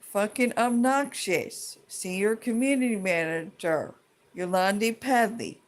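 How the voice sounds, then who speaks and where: A woman's voice: medium pitch, a little slow. A woman ranting to her viewers in a heated, profane, rambling way, full of restarts and trailing thoughts. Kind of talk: casual rant to camera.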